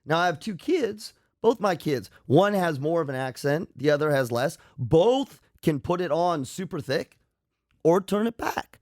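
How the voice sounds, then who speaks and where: A man's voice: fairly high pitch, lively intonation, measured pace, dry recording, studio quality. A middle-aged man from Southern California, a psychologist co-hosting a radio show, explaining things in casual chat. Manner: explaining, eager to correct.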